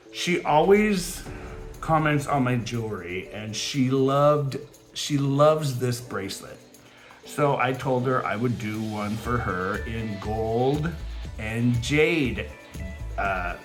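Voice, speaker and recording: A man hosting a beading channel, chatting casually from home in a rambling way with lots of fillers, his voice quivering with emotion. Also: mid-range voice. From California. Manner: rambling, warm-hearted, many fillers. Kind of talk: casual chatty vlog intro. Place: home, near a fountain and wind chimes.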